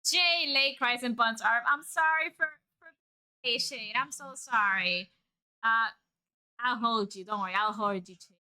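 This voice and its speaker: Playful bright-voiced woman streamer. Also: a little high, measured pace, clear, resonant tone. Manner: playful, teasing, laughs often. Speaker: live streamer. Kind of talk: casual live-stream chat.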